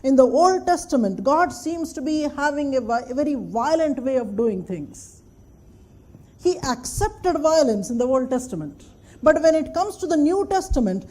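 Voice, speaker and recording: Casting: female lecturer, high mellow voice, emphatic classroom delivery. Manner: emphatic, repeats points and checks the class follows. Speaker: anthropology lecturer.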